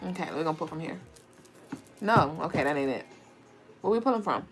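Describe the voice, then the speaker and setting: A woman's voice: low-pitched, expressive, brisk. A woman hosting a live tarot reading, chatty and playful, talking to her viewers in a style. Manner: chatty and playful, laughing often, talks to chat viewers. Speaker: livestream tarot reader and astrology host.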